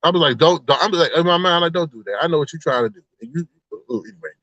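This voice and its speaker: A man with a fairly high voice hosts a casual livestream and gossips to his chat about online drama. He acts out the exchanges he quotes in an animated way. The audio is dull and lo-fi, with a dry, close sound. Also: very fast, no room sound. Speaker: livestream host.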